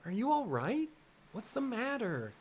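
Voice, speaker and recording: A man's voice: extremely high pitch, huge pitch swings, measured pace, slight background noise, pitched above the performer's own voice, heavily acted. A man voicing a caring, teasing teenage girl in a raised, coaxing sing-song, reading game dialogue aloud.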